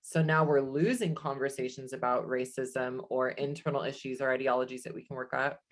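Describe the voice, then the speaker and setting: Woman host, real low voice, earnest and thoughtful, chatty podcast vibe. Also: steady tone, a little fast. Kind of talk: casual conversation.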